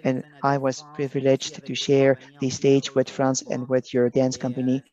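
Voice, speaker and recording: Man, middle voice, emotional and halting; muffled call audio, soft music underneath. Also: mid-range voice, completely flat delivery. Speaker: guest presenter. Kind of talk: video call chat. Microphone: video call. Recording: dull lo-fi video call audio.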